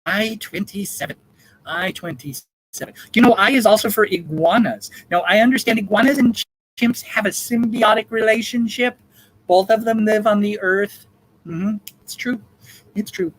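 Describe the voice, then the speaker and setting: A man hosting a live charity bingo game, calling numbers in a drawn-out way and joking in between. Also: high-pitched, low-quality recording. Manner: campy, jokey, drawn-out number calls. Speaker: bingo caller and host.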